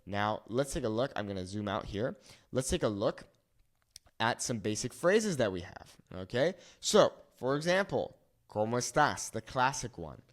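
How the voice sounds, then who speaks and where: A man teaching a lesson at a whiteboard, repeating words slowly to show how they sound. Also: medium pitch, big pitch swings. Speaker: Spanish teacher.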